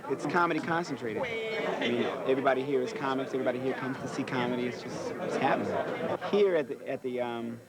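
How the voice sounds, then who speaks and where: A man speaking quickly and enthusiastically in a festival interview. A loud crowd surrounds him. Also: mid-range voice. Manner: enthusiastic, halting.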